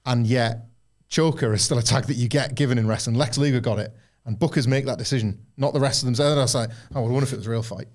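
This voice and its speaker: A man in casual podcast chat with a mid-range voice. He rambles, restarts his sentences and slips into quick acted-out quotes. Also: medium pitch, a little mellow. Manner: rambling, self-interrupting, acts out quotes. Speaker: podcast co-host.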